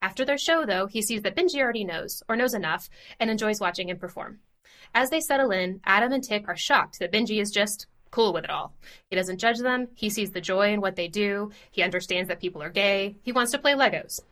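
A woman with a bright, forceful voice talks through a story recap with her co-host. She keeps it chatty and lively and pokes fun at herself. Her pitch sits in an ordinary middle range. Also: a little fast. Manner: lively, chatty and self-deprecating. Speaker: podcast co-host. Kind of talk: casual podcast chat and plot summary.

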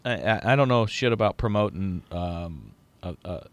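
Profane, smooth-voiced man bantering on a podcast. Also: deep voice, normal speed. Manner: profane, self-mocking, animated storytelling. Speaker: podcast co-host. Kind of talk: casual chat.

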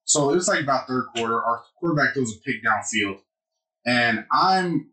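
A man's voice: medium pitch, lively intonation, normal speed, sharp tone, reverberant, rough recording. A young man on a podcast, telling a story in a casual, profane way and laughing often. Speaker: podcast co-host.

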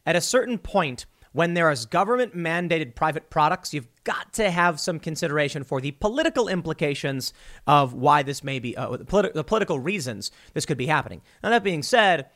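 A man hosting solo political commentary, talking in an animated, self-interrupting way. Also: fairly high pitch, moderate pace. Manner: animated, self-interrupting, mocking quoted voices.

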